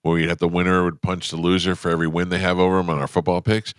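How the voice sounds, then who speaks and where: A man with a very low voice hosts a radio show and chats casually with his guest. He answers with short reactions and laughing asides, and the studio sound is dry and close. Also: level tone, very fast, clean tone, no room sound. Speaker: radio host. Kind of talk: casual chat.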